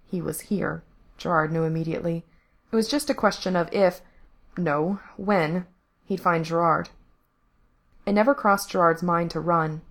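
A woman narrating a story aloud at a steady, measured pace. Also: on the low side.

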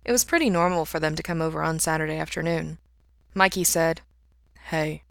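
A woman reading fiction aloud in a calm, plain narration. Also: low-pitched, fast talker, creaky, no room sound, clean studio sound. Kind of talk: audiobook-style fiction reading.

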